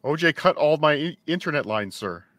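An eager, servile male assistant, as a man puts him on, rattling off earnest offers of help at a quick clip. His voice sits a little high and sounds dry and close. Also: animated, fairly bright tone, no room sound. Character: eager, servile male assistant who calls everyone sir.

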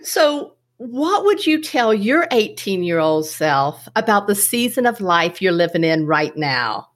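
A woman's voice: mid-range voice, very animated, a little slow. A woman hosting a podcast, interviewing her guest with an enthusiastic, effusive manner. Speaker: podcast host.

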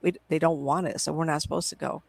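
A gravelly middle-aged psychic medium, appearing as a guest in a live video interview, tells casual stories over a computer call. She sits low in pitch with a steady tone, talks fast, and rambles chattily while quoting her own past conversations, all on a rough recording.

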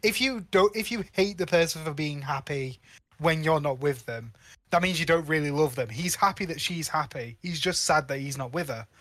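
Bright-voiced man in a dry recording. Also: a little high, normal speed, no room sound. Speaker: podcast co-host. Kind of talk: casual film review chat.

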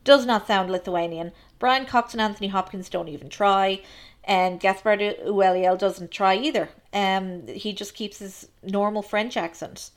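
A woman co-hosts a casual film podcast in a mid-pitched voice. She talks in a chatty, analytical way and fills her pauses with ums. Her points come in a relaxed, conversational flow. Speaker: podcast co-host.

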